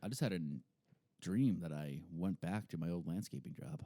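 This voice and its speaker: Lively, joking young podcast man. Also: low voice, normal speed, no room sound, studio quality. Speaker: podcast co-host. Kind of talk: casual podcast chat.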